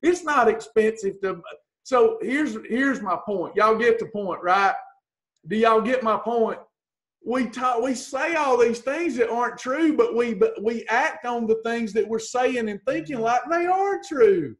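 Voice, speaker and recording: A woman with a high voice talks straight to her followers about diet and attitude. She is blunt and folksy and calls her listeners by teasing pet names. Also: expressive, a little slow. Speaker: weight-loss coach. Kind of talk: motivational talk to followers.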